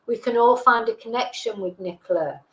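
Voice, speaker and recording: A woman's voice: a little high, fairly quick, a bit bright, lo-fi sound. A middle-aged woman from England hosting a live stream, chatting casually and reading out viewer comments, with frequent hesitations and self-corrections. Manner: rambling, hesitant, many fillers and self-corrections. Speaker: livestream host.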